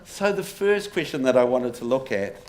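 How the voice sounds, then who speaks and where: A man's voice: medium pitch, expressive, moderate pace, darkish tone. A man giving a public talk to a live audience in a pub, telling stories with wry humour and rhetorical questions. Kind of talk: public lecture. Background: audience laughter, faint room noise.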